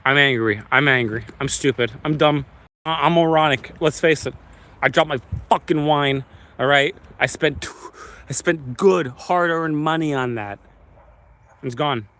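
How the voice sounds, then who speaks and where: Walking outdoors along city streets, a man with a somewhat high, slightly bright voice vlogs at an unhurried pace. His monologue is a self-berating rant delivered in a stream of swearing.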